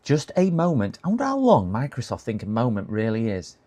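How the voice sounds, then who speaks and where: Male livestream host, casual rambling chat, voice going hoarse. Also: medium pitch, wildly swooping pitch, a little fast, mellow. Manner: chatty, rambling, laughs at his own jokes. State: voice going hoarse, clearing throat. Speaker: livestream host repairing computers. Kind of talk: casual live-stream chat.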